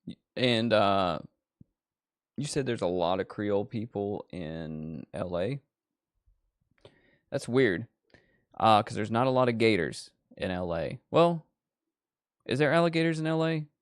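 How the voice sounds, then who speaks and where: A man hosts a horror movie show and rambles from tangent to tangent with plenty of swearing. His voice sits low and sounds dry and close. He keeps the story going in a loose, animated way. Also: measured pace, long pauses, no echo. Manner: profane, digressive, animated storyteller. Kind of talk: casual rambling chat.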